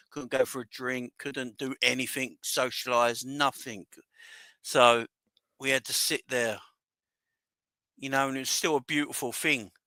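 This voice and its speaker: Excitable man livestreaming, bright and emotional. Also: medium pitch, no room sound. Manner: excited, rambling, shouts out chat viewers. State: emotional, voice wavering. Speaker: fan channel livestream host. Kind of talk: emotional casual livestream chat.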